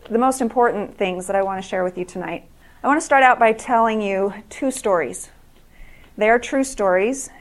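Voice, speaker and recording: A middle-aged woman giving an earnest talk to an audience, telling true stories in a halting way with many restarts. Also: medium pitch.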